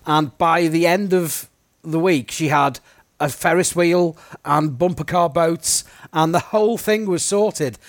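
A man's voice: a little high, a little slow, no echo, studio quality. A man chatting casually on a book podcast, musing and correcting himself as he goes. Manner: wandering, self-correcting musings. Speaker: podcast co-host. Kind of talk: casual book-club chat.

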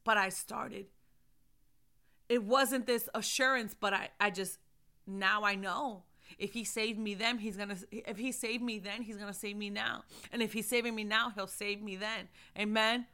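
A woman preaching a sermon, swinging from soft, intimate speech to loud, shouted praise, with emphatic repetition. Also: on the high side, smooth.

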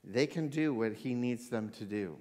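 A man preaching a sermon, animated, swinging between loud excitement and hushed intensity. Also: medium pitch, moderate pace. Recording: long hall reverb.

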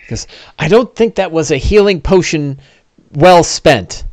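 A man doing Bing, a musing gentle cleric. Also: fairly high pitch, a little slow, dry recording, clean studio sound, close to an everyday voice. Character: gentle philosophical cleric companion.

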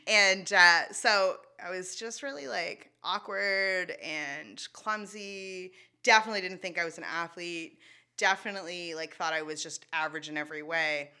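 Woman, from New Brunswick Canada, podcast guest, chatty storyteller, bright tone, lowish pitch. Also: moderate pace, smooth. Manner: chatty storyteller, heavy use of "like". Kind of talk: casual interview chat.

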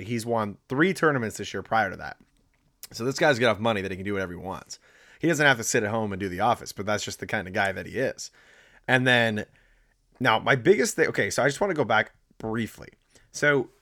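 A man's voice: mid-range voice, fairly bright tone, no room sound. A man co-hosting a casual sports podcast in a middle-range voice. He rambles through his points, restarts often and pokes fun at himself. The sound is dry and close, with no room around it. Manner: rambling, self-deprecating, many restarts. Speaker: podcast co-host.

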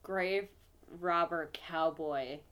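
A woman's voice: lowish voice, drawn-out words, a bit bright, clean tone. Woman, podcast co-host, casual chat, chatty, laughs a lot. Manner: chatty, laughs often, acts out quotes.

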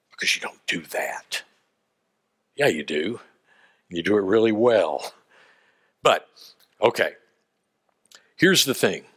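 A man preaching a sermon, telling stories with lively acted-out voices and asides. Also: fairly low pitch, husky. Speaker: pastor.

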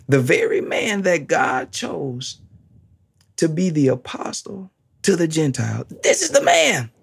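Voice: medium pitch, creaky, darkish tone, slightly rough. A preacher giving a sermon, emphatic, repeating key phrases and laughing often.

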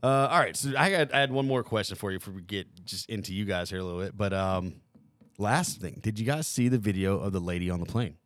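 A man hosting a podcast, telling stories in casual chat, animated and swearing freely. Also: fairly low pitch, quick pace. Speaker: podcast host.

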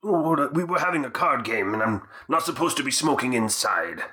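A man's voice: medium pitch, lively intonation, normal speed, bright, forceful tone. A man playing an evasive older card player. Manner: casual, evasive, rambling.

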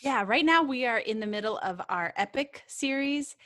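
A woman co-hosting a church podcast, speaking earnestly in quick bursts with "um" fillers. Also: on the high side, lively intonation, a bit bright, no room sound. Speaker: podcast co-host. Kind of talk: casual podcast chat.

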